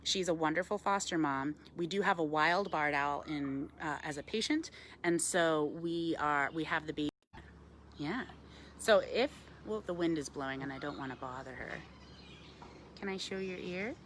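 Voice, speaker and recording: A woman with a low voice leads a casual live wildlife talk outdoors, chatting easily with frequent ums. She turns to coo at the owl now and then and takes viewer questions. Faint outdoor sounds hum behind her. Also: normal speed, fairly bright tone. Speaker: wildlife center educator. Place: outdoors in wind.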